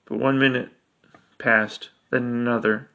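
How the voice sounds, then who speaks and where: Bright-voiced man reading a dark tale. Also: medium pitch, flat delivery, measured pace, gravelly, lo-fi sound. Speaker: storyteller. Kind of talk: dramatic story reading.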